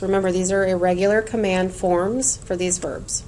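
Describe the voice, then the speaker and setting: Woman, teacher, clear patient explanations, sing-song chanting, middle pitch, faint noise behind. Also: steady tone, moderate pace, few pauses, darkish tone. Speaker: Spanish teacher. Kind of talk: recorded classroom lesson.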